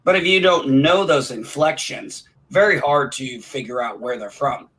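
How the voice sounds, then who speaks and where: Bright-voiced man, Midwestern-Southern accent. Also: mid-range voice, animated, normal speed, a little hiss or hum, poor audio. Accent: Midwestern with a Southern tinge. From Illinois, near St. Louis. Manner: rambling, restarts often. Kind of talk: casual chat.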